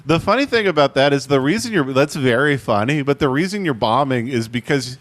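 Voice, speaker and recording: A man's voice: medium pitch, animated, fairly quick, no room sound. A man co-hosting a podcast, explaining things in loose, rambling casual talk. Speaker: podcast co-host.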